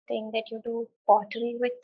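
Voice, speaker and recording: A woman's voice: a little high, level tone, brisk, breathy edge, dry recording, dull audio. A young woman from India, a guest telling her story in a casual chatty way, with many fillers and restarts. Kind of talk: casual interview.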